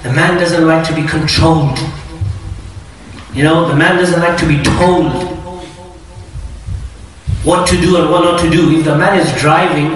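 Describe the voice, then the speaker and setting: A man giving a lively religious lecture to an audience, often acting out quotes. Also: a little high, a little slow, long pauses. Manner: lively, animated explaining with acted-out quotes. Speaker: Islamic lecturer. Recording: very echoey hall, voice from a distance.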